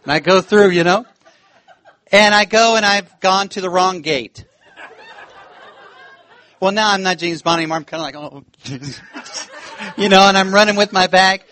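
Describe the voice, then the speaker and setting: A man's voice: sits high, unhurried, pauses often. A man preaching a sermon in church, telling a story with laughter and acting out the voices in it. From United States. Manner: animated, laughing, acts out quoted voices.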